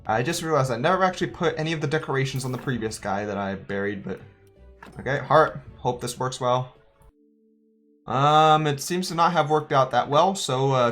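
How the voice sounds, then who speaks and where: A man's voice: mid-range voice, expressive, moderate pace, a bit bright, faint music behind. A man giving joking, chatty let's-play commentary, thinking aloud as he plays. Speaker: gaming YouTuber.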